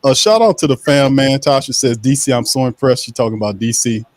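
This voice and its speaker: A man's voice: mid-range voice, brisk, no room sound. Laid-back man hosting a live stream. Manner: laid-back, reads viewer comments aloud and laughs along. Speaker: host. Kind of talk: casual live-stream chat.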